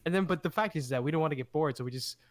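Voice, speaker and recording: Excitable young man, slightly high voice. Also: very fast. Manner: excitable, laughing storyteller. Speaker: podcast co-host. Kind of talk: casual chat.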